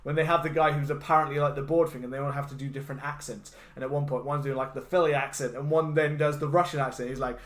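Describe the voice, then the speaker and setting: A man's voice: on the high side, steady tone, fast, few pauses, echoey room. A man co-hosting a podcast, talking through a film review in a rambling, self-interrupting way with frequent laughs. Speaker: podcast co-host. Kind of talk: casual film review chat.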